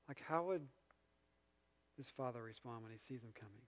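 A man preaching a sermon, retelling a story with lively swings between loud passages and quiet asides. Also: medium pitch, normal speed, long pauses. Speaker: pastor. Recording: long reverb in a large hall.

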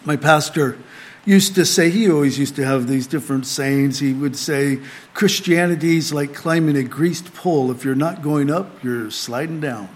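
Male pastor, middle-aged, slightly high voice, earnest sermon delivery with emphatic rises and hushed asides. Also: normal speed. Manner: earnest preaching, rising emphatic then dropping to quiet asides. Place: small group gathering.

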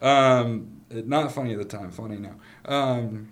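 A man being interviewed as a guest, telling a story in a casual, animated way, laughing often and swearing freely. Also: mid-range voice, measured pace. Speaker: guest, company founder.

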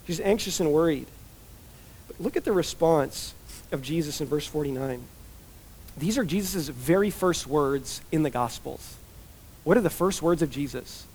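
A man's voice: on the high side, expressive, normal speed, a little mellow, slight background noise. A man giving a conversational expository sermon as a pastor, chatty and informal, full of "like" and "you know" asides.

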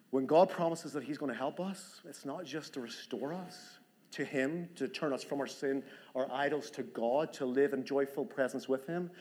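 A man's voice: medium pitch, normal speed, a little mellow. A man preaching a sermon as pastor, earnest and urging in tone.

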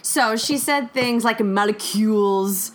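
A woman's voice: mid-range voice, lively intonation, a little slow, a bit bright, slight background noise. A woman co-hosting a podcast, chatting casually about a film in a rambling, joking way with lots of fillers. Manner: rambling, peppered with fillers and jokes. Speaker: podcast co-host. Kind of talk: casual chat reviewing a film.

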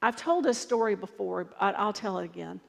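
A woman's voice: medium pitch, lively intonation, fairly quick, vocal fry, long reverb tail. A woman pastor giving a sermon in a conversational, storytelling way.

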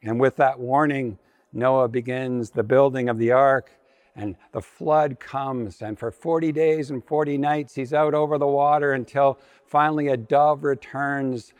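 A man's voice: mid-range voice, fairly even intonation, unhurried, clean tone, big-room sound. A man preaching a sermon, telling scripture stories with playful asides. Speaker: pastor.

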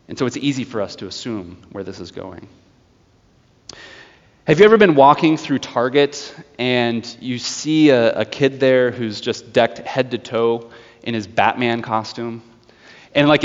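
A man preaching a sermon, telling a story in a lively way with laughs and acted-out voices. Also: medium pitch, moderate pace. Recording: dull sound with long hall reverb.

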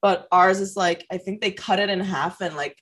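A woman's voice: medium pitch, moderate pace, breathy edge. A woman co-hosting a podcast in casual chat, a bartender who laughs often as she tells her stories. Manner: laughs often while telling animated stories. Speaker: podcast co-host.

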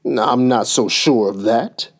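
A sly storybook unicorn, read by a man, speaking in a relaxed, unhurried way. Dreamy one moment, teasing the next. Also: mid-range voice. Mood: sly, casual. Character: sly, eager male unicorn.

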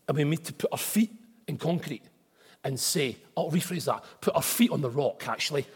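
A man preaching a sermon as pastor, emphatic and building to forceful repeated declarations. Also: on the high side, expressive, normal speed, breathy edge, long reverb tail. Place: church auditorium.

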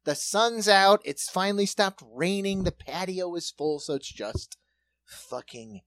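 A man's voice: high-pitched, animated, unhurried, a bit bright, dry recording. A man in casual chat, ranting and swearing as he tells a story about a busy restaurant shift. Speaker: restaurant server and bartender.

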